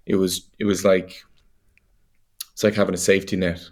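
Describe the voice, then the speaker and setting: An Irish man, a young adult actor, chatting as a guest in an interview, animated and full of fillers and laughs. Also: low-pitched, moderate pace. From Ireland. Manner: animated storyteller, laughs easily, many fillers. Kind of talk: casual interview chat.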